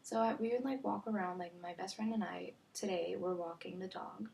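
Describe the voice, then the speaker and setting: A woman's voice: fairly low pitch, steady tone, fairly quick, creaky, a little mellow. A young woman telling a storytime vlog in a chatty way, full of "like" fillers, often dropping to a near-whisper. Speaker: vlogger. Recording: faint background noise.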